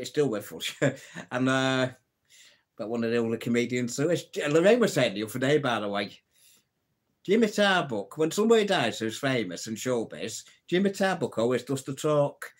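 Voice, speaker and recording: A man's voice: mid-range voice, animated, fairly quick. A man hosting a casual live stream, telling old jokes, reading out viewer comments and laughing at his own punchlines. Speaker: livestream host.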